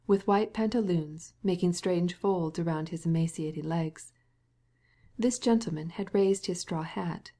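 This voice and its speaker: A woman narrating a classic novel audiobook in a measured, even reading. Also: lowish voice. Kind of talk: scripted narration.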